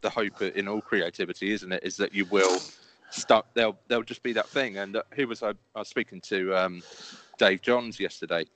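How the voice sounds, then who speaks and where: A fairly low-voiced man interviewing a guest in a relaxed chat. He muses aloud, restarting phrases and repeating words as he builds his questions. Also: moderate pace, a little hiss or hum. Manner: thoughtful, hesitant, repeats words. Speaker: podcast interviewer.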